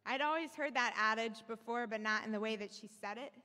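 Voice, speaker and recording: A woman's voice: fairly high pitch, brisk, bright, forceful tone, clean tone. A young adult woman from Alabama, a policy analyst giving a candid, earnest talk on stage. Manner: candid, joking then earnest. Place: large hall with audience. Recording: echoey hall.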